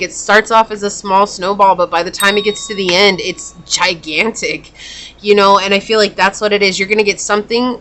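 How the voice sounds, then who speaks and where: A woman giving a pick-a-card tarot reading in a chatty, reassuring and enthusiastic way, murmuring soft questions while she draws cards. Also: medium pitch, rough recording. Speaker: tarot reader.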